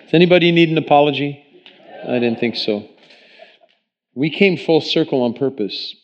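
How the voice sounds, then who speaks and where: A man's voice: on the high side, moderate pace, slight background noise. A man, the pastor, thanks the speaker and urges the congregation to pray. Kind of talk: sermon. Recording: dull, muffled sound.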